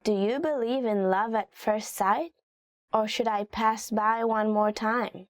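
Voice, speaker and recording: A chatty, giggly woman with a fairly high voice gives a casual lesson. She reads phrases quickly, then explains them with plenty of "like" fillers. The recording is dry and close. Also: no room sound. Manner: reads Hebrew lines quickly, then translates. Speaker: language teacher. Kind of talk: casual lesson reading Hebrew phrases with commentary.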